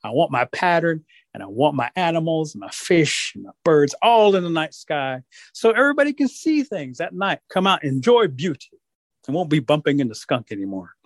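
A man storyteller voicing the creator of everything, a calm, commanding spirit proud of its creation. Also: a little high, normal speed, dry recording. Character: grand, commanding creator spirit of all things.

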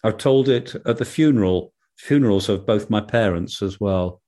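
An older man, a professional storyteller, telling a folk tale and then chatting in an interview with measured, hesitant speech. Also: fairly low pitch, dark tone. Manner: measured, hesitant with many fillers. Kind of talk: oral storytelling and interview chat.

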